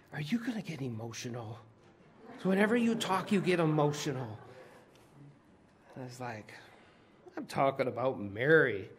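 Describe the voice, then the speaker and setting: A man preaching a sermon with animated, emotional storytelling, dropping at times to a whisper. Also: medium pitch, a little hiss or hum.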